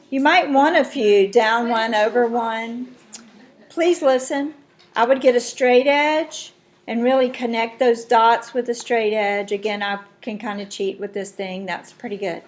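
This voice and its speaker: A woman teaching a math class, walking through steps and checking in with her students. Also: fairly high pitch. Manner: explains step by step, checks in with students. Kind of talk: classroom lesson.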